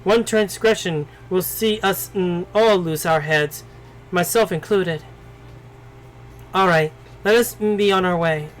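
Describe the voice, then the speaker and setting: A man reading the lines of a polite, cautious female court lady, slowly and with frequent humming pauses. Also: sits high, soft background music, low-quality recording. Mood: courteous. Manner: reads slowly with frequent hums.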